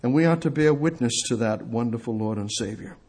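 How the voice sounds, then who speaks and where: A man preaching a sermon, fervent and repetitive, swinging between loud outbursts and hushed prayer. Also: medium pitch, a little fast.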